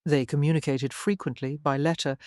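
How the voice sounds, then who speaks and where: Romance audiobook reader, steady mid voice, totally dry no room. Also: medium pitch, fairly quick, no echo. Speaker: audiobook narrator. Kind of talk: scripted narration.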